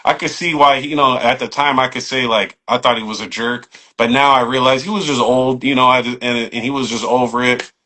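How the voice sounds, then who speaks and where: A bright, forceful male voice, talking in an easy middle register. He is a middle-aged barber spinning stories as a podcast guest, salty and animated, full of "you know what I mean" and acted-out quotes. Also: mid-range voice. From San Jose, California. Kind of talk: casual storytelling conversation.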